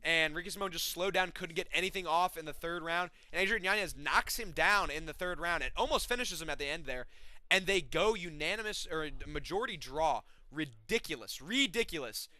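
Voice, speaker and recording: A man's voice: on the high side, expressive, fairly quick, pushed and bright, no room sound. A man hosting a casual fight recap vlog, blunt and profane as he rants.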